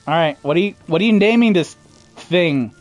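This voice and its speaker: With faint music in the background, this gamer streamer chats loosely to his mother about the game he's playing. His slightly high voice is expressive and moves at normal speed, broken up by swearing and laughter as things happen.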